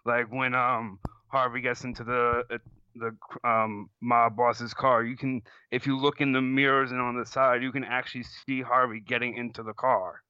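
A man with a bright, crisp voice talks loosely about a film, dropping frequent "um"s and laughing easily. His sound is dry and a bit dull in its top end. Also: medium pitch, level tone, moderate pace, no room sound. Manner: laughs often, filler-heavy. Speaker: podcast co-host. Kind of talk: casual movie discussion.

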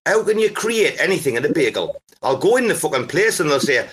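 A man hosting a casual chat, teasing and swearing, breaking into loud laughs. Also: fairly high pitch, big pitch swings, quick pace, few pauses, noisy background. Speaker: host.

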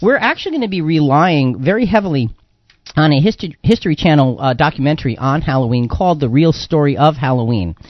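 A man hosts a Christian radio talk show in a loose, rambling way, circling back over his words with lots of fillers. His voice sits a bit high, recorded dry and close with a dull, lo-fi tone. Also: lively intonation, quick pace, no echo. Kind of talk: casual Christian radio discussion.

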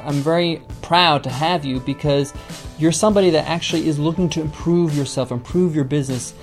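A man with a somewhat high, darkish voice hosts a podcast business lesson. He talks conversationally and encouragingly, using lots of fillers.

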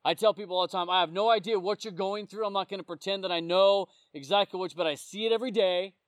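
High-voiced man preaching conversationally. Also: fast talker, no room sound. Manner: conversational storytelling, often checking in with the listeners. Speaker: police officer sharing testimony. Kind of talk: informal sermon.

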